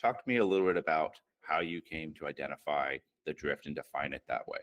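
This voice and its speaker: A man with an extremely low, deep voice asks a measured, thoughtful interview question. The sound is dry and close. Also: animated, fairly bright tone, dry recording. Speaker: interviewer, host.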